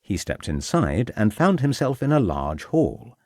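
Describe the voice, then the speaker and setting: Brief: measured, expressive man reading a crime novel, fairly low and very dry. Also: no room sound. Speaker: audiobook narrator. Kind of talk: scripted narration.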